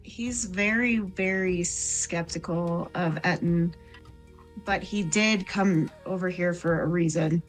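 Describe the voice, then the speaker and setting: Low-voiced woman describing her character. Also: fairly even intonation, slow, faint music behind, rough recording. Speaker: player. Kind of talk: tabletop game narration.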